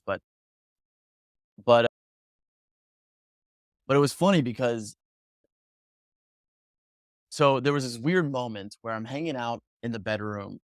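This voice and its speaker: A man's voice: on the low side, dry recording, clean studio sound. A young adult man in a casual podcast chat, telling a story animatedly with lots of swearing and restarts. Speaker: podcast guest.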